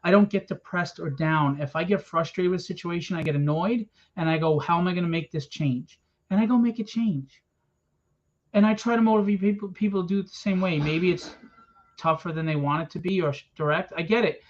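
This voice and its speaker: Male publisher with a high voice, swears, rants bluntly at a convention room crowd, muffled recording. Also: brisk. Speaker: comic book publisher. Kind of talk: impassioned rant to a small crowd. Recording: dull lo-fi event recording.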